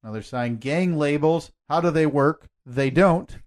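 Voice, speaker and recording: A young man with a somewhat high voice co-hosting a podcast. He teases his co-host with deadpan jokes in loose, casual banter. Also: moderate pace. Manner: teasing, deadpan quips.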